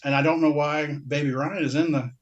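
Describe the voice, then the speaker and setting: A man co-hosts a podcast, chatting casually about things he's bought, his voice slightly high and steady in tone. He talks a little fast, rambling, cutting himself off mid-sentence and laughing often. The audio sounds dull.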